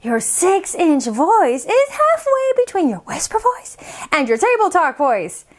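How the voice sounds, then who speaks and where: Fields: a woman as a gentle schoolteacher. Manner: soft, calm. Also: very high voice, measured pace, voice pushed up, heavily acted. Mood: instructive. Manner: calm, soft-spoken, coaxing. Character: patient, gentle female schoolteacher.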